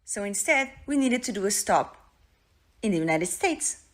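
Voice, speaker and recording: A woman's voice: mid-range voice, lively intonation, normal speed. A woman from Portugal, telling a story earnestly and now and then searching for words. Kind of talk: storytelling to camera.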